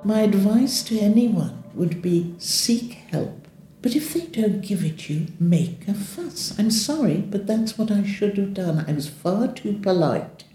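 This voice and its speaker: With a mid-range voice, lively intonation and a slightly slow pace, an older woman recounts her experience as a patient in an interview. She is frank and wry, voicing the people she quotes, and the echoey recording has soft music plus a little hiss or hum.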